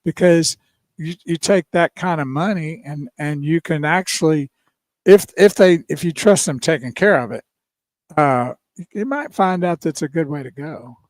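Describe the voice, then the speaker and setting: A man's voice: a little high, moderate pace, no room sound, studio quality. A man co-hosting a car radio show, chiming in casually and laughing along with the host's stories. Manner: chatty, chimes in and laughs along.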